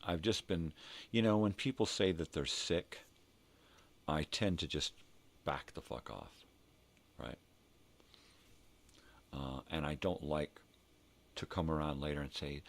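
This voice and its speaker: An older man hosting a rambling morning vlog, talking to himself and cursing freely as he thinks out loud. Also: rumbling low, vocal fry. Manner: rambling, profane, talks to himself. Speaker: vlog host.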